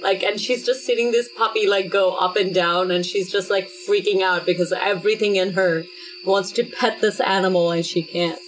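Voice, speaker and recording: Brief: woman player, rambling with lots of fillers, mid-pitched. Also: steady tone, normal speed, slight background noise, low-quality recording. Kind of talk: casual play at a tabletop game.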